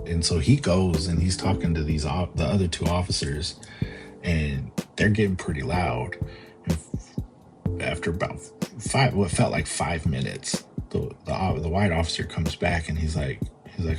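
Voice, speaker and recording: A young man telling a personal story as a vlogger, halting and repeating himself with many fillers. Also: low voice, music in the background. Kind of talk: storytelling monologue.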